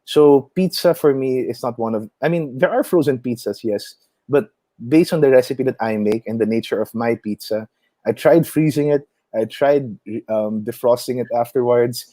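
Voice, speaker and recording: A man with a Filipino accent, a chef chatting as an interview guest, animated and quick to laugh as he tells stories. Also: medium pitch, dry recording. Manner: animated storyteller, mixes in Tagalog, laughs often. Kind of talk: casual interview conversation.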